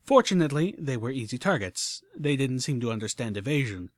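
A man narrating a story in the first person with expressive, animated delivery. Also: mid-range voice, brisk, dry recording, studio quality. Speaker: audiobook narrator.

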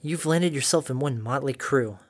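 A man's voice: medium pitch, normal speed, lightly acted. A man voicing a weary, battle-scarred mare pony, tired and bitter.

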